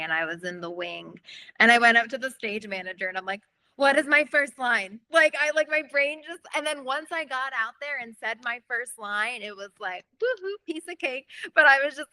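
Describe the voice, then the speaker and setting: A woman's voice: mid-range voice, pushed and bright, no echo. A woman actress chatting casually in an interview, laughing often and acting out her own thoughts.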